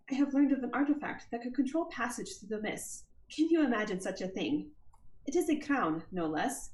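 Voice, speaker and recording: A woman's voice: mid-range voice, darkish tone, echoey room, close to an everyday voice, poor audio. A woman doing an earnest accented wanderer. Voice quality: put-on character accent. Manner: measured, formal letter-reading delivery. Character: formal, earnest young Vistani woman writing a letter.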